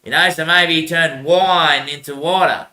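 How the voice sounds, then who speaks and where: A man's voice: on the high side, steady tone, moderate pace, bright, forceful tone. A man hosting his own show in a rambling solo monologue. He laughs often, trails off into muttered curses, and keeps calling the listener son and mate. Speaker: show host. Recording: roomy echo.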